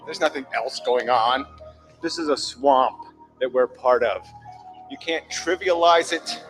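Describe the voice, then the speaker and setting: A man's voice: medium pitch, a bit bright, rough recording. A man delivering a furious, heavily profane monologue, berating his listeners. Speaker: commentator. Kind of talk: angry monologue rant.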